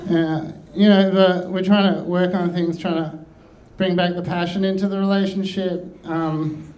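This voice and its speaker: A man doing a hesitant, deadpan stand-up routine full of ums and pauses. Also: high voice, a little hiss or hum, poor audio. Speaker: stand-up comedian.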